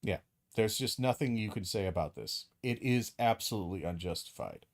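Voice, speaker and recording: A man's voice: lowish voice, lively intonation, brisk. A man hosting a live stream, ranting angrily and profanely about a news video, with frequent restarts and acted-out quotes. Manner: acts out hypothetical dialogue in quoted voices. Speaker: streamer host.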